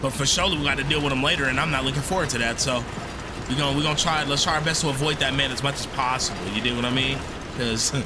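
A young man doing casual let's-play commentary, slangy, jokey and excitable. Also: mid-range voice, fast talker, very noisy. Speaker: gaming streamer.

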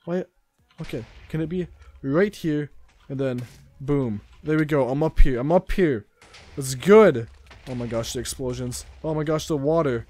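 A young man giving live gameplay commentary, exasperated and excitable, breaking into yelps and laughs at the game. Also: fairly high pitch, no room sound. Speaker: gaming YouTuber.

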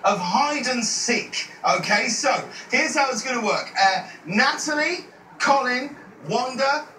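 A man's voice: very high-pitched, expressive, slow pace, sharp tone. A man hosting a party game in a house, chatty and laughing often. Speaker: host. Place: house interior. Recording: echoey room, far from mic, noisy.

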